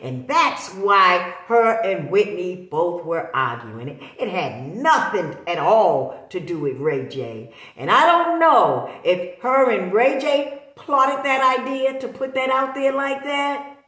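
A woman speaks to camera slowly and deliberately, her pitch swinging up and down as she presses each point. She is insistent and a little preachy, stacking repeated words for emphasis. The room gives her voice a noticeable echo. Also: a bit bright. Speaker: vlogger. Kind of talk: emphatic casual talk to camera. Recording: roomy echo.

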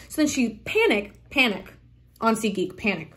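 A young woman with a slightly high voice recounts a stressful night to camera. She talks quickly and dramatically, jumping into the voices of everyone involved as she goes. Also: big pitch swings. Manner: dramatic, fast retelling full of quoted exclamations. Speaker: vlogger. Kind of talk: casual storytime vlog.

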